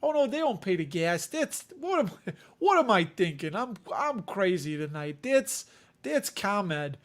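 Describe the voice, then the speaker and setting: A man with a Chicago accent and a fairly high voice hosts a casual livestream from home. He rambles and jokes at his own expense as he chats to his viewers. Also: big pitch swings, measured pace, fairly bright tone. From Chicago area. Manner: rambling, joking, self-deprecating. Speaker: dividend investing livestream host.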